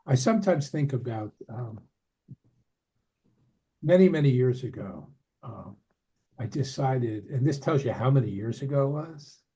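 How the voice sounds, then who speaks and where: Slow, husky older male teacher. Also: medium pitch, low-quality recording. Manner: relaxed and explanatory, with asides and soft laughs. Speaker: Torah teacher. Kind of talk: conversational Bible lesson.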